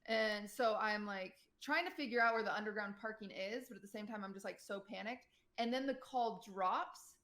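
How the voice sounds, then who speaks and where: A young woman streamer telling a personal story to her chat in a casual, animated way, full of fillers and quoted voices. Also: mid-range voice, moderate pace, hardly any pauses. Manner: animated retelling, quotes people, many "like" fillers.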